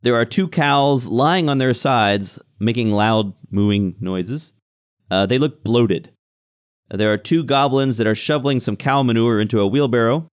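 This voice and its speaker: A man's voice: mid-range voice, a little slow, clear, resonant tone. A man narrating a tabletop game as game master, describing scenes with frequent fillers.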